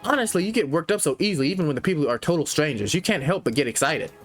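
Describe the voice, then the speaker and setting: A cool teenage girl who makes flat, cutting remarks, as a man reads her aloud. The voice stays low for the part but still moves with a lively lilt. She is a character from a fan-made visual novel. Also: rapid-fire, soft background music. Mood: dry.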